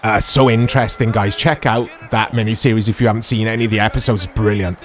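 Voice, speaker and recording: A middle-aged man chatting casually and excitably as he comments on a retro video game he is playing, rambling and laughing often. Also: lowish voice, quick pace, soft background music. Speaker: retro gaming YouTuber.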